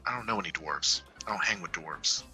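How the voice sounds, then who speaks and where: A man's voice: deep voice, fairly quick, over music, natural voice. A man voicing a surly, rude human adventurer in a tabletop game, brushing others off with crude insults. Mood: dismissive. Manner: dismissive and crude.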